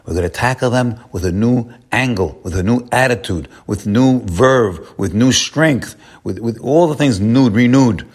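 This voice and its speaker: A man's voice: measured pace, few pauses, breathy edge. A man giving an inspirational sermon, addressing listeners as his friends, repeating phrases and swinging his voice up and down for emphasis. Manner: lively swings in pitch and loudness for emphasis. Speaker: rabbi giving a short talk.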